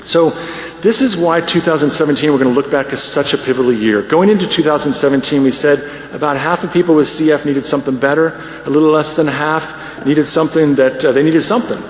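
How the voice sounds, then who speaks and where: Man presenting at a conference plenary, slightly high voice, long hall reverb. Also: a little fast. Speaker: conference speaker. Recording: echoey hall with faint noise.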